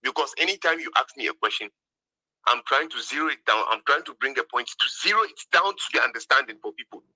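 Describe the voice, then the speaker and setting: Man debater, sharp-toned and fast, deflects with questions; dry recording. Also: medium pitch, animated, dry recording, low-quality recording. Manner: defensive, answers with counter-questions. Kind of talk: heated religious debate.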